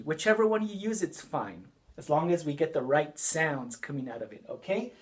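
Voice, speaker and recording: A man's voice: on the high side, very animated, normal speed, hardly any pauses. A man teaching a children's music lesson, patiently repeating each step and asking the class questions as he goes.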